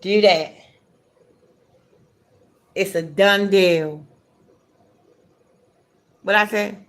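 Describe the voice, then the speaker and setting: Slow-talking woman with a lively, playful voice. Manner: animated, playful talk with sudden high rises and drawn-out words. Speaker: vlogger. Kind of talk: mukbang chat.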